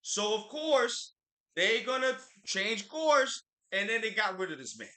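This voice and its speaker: A man co-hosting a livestream, chatting in an opinionated, emphatic way. His voice sits high and swings a lot, with a very bright, sharp edge. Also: measured pace, reverberant. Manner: animated, opinionated, repeats words for emphasis. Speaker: livestream co-host. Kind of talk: casual pop-culture chat.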